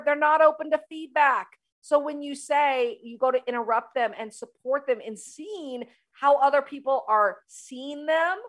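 A woman hosts her own leadership show, talking straight to listeners. Her voice sits a little high, and she keeps the energy up, hammering her points home by repeating them. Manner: energetic, emphatic, repeats key phrases. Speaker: show host, leadership coach. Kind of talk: solo talk show monologue.

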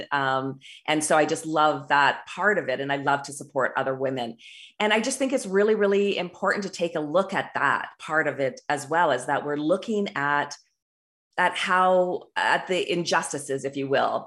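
A woman's voice: deep voice, a bit bright. A middle-aged woman talking as an intuitive business coach, earnest and rambling, with frequent restarts and tag questions. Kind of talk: casual monologue.

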